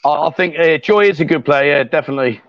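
A man's voice: a little high, quick pace, fairly bright tone, no echo, dull audio. A man hosting a live stream from a bar, joking and teasing as he reads viewer comments aloud between pool shots. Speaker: livestream host. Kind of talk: live stream chat while playing pool. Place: lively bar.

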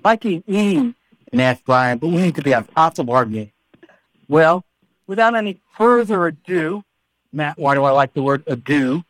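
A playful male podcast host with a fairly high voice, trading jokes and stumbling over repeated words. The sound is close and dry, with no room echo around him. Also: animated, normal speed, fairly bright tone. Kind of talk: casual banter.

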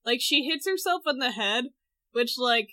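A woman's voice: on the high side, expressive, normal speed, pushed and bright. A woman co-hosting a casual chat, animatedly retelling a show and acting out the characters' lines. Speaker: podcast co-host recapping a show.

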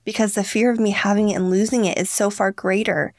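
A woman's voice: medium pitch, fairly even intonation, fast, dry recording, studio quality. A young woman, a podcast guest and founder, telling stories earnestly and acting out what people said. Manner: earnest, storytelling, acts out quotes. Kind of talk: candid interview talk.

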